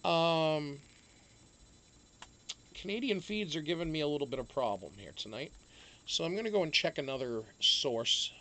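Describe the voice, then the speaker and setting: A man's voice: a little high, animated, moderate pace, long pauses, pushed and bright. Male stream host, casual rambling chat full of ums and curse words, faint background noise. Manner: rambling, swears freely, lots of fillers. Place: home.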